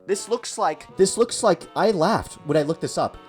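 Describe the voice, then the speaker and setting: A man's voice: sits high, animated, moderate pace, soft background music. A young man delivering a mock-outraged comedic rant, exasperated and repeating himself for effect. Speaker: comedy video host.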